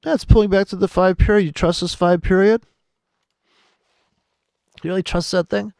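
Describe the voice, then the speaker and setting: A man's voice: high-pitched, steady tone, normal speed, creaky, a little mellow, clear, resonant tone, no echo, clean studio sound. A man giving rambling, profane, sardonic commentary over trading charts, muttering asides and often laughing to himself. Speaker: trading video host.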